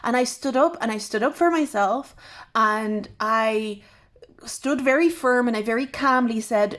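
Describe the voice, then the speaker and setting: Woman tarot reader, somewhat high voice, reflective and thinking-out-loud delivery. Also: measured pace. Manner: musing, thinking aloud with frequent restarts. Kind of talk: intuitive tarot reflection to camera.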